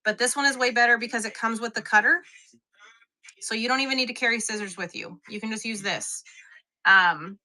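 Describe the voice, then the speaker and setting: A young woman pitches quilting supplies on a live stream in a fast, bright, forceful voice that sits a little high. She keeps things chatty and laughs often, frequently making fun of herself.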